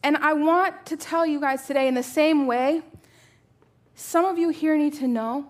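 A woman in her thirties preaching a sermon to a church, telling personal stories in a conversational, animated way with many rhetorical questions. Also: high-pitched, a little slow.

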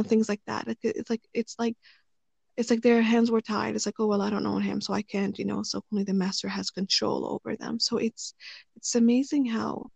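A woman telling stories in relaxed conversation, rambling with many fillers and restarts. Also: mid-range voice, gravelly, dry recording. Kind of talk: casual conversational storytelling. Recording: dry, slightly muffled recording.

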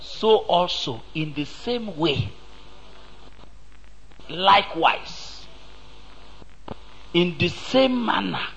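A man with a Nigerian English accent preaching a sermon, slow and emphatic, asking the congregation rhetorical questions and breaking into sudden loud rises. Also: high-pitched, lively intonation, gravelly, slight background noise, rough recording.

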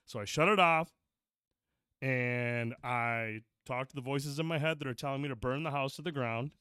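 A man's voice: medium pitch, moderate pace, sharp tone, clear, resonant tone, no echo, studio quality. A man co-hosting a podcast, chatting casually and telling rambling, profane stories. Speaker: podcast co-host. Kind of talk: casual chat.

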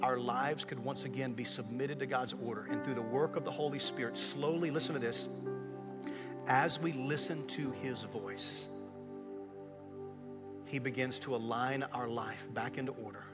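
A man preaching a sermon, retelling a story with swings from hushed lines to loud, excited passages. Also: medium pitch, normal speed, over loud music. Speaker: pastor.

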